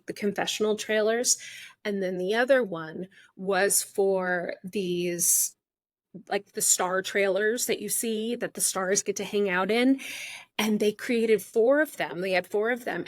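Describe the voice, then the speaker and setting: A woman's voice: mid-range voice, no room sound, studio quality. A middle-aged woman hosting a podcast, telling a story in a candid, chatty way that jumps around. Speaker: podcast host. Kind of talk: casual storytelling.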